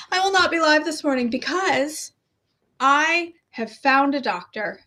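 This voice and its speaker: A middle-aged woman talks to her followers in a loose, rambling way and makes fun of herself as she goes. Her voice sits a little high for a woman. The delivery is unscripted and conversational, like a health coach's daily check-in. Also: lively intonation, measured pace, pushed and bright, slight background noise. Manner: chatty, rambling, self-deprecating. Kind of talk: casual chat.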